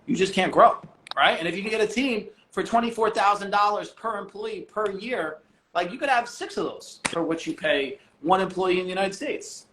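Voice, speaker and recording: A man talking as a podcast guest, blunt and animated, swearing casually. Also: high-pitched, moderate pace, reverberant, slight background noise. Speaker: guest, business owner.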